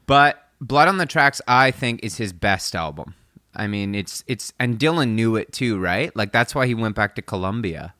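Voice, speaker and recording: A man co-hosting a casual music podcast, talking animatedly and quoting people with rising excitement. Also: lowish voice, normal speed, no echo, studio quality. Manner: animated, quotes people in a keyed-up voice. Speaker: podcast co-host.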